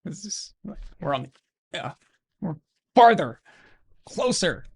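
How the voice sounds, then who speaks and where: A man's voice: fairly high pitch, very animated, slow pace, slightly rough. A man from Arkansas hosting a live football watch-along stream, giving casual commentary full of crude, brash, mocking humor.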